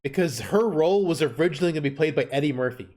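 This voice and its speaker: Podcast co-host, man, slightly high voice, chatty and explanatory. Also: animated, racing, a little mellow. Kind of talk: casual chat.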